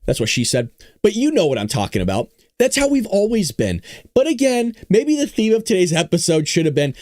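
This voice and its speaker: Lively, sarcastic male political talk host. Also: high voice, brisk, no echo, clean studio sound. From California. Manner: animated, sarcastic, mock-dumb asides. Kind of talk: casual political commentary livestream.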